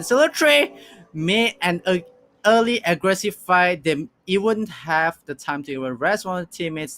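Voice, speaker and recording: A man doing live play-by-play commentary on a mobile esports match, reacting with quick "ooh"s. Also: fairly high pitch. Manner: excitable, frequent "ooh" and "oh" reactions. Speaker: esports caster.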